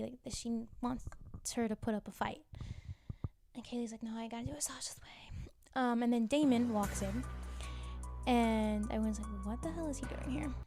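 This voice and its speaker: A woman's voice: fairly high pitch, warm tone. A woman recapping a TV drama in a casual, gossipy way, laughing often and filling her talk with "like" and side comments. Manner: gossipy, giggly, full of "like" and asides. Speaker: TV recap vlogger.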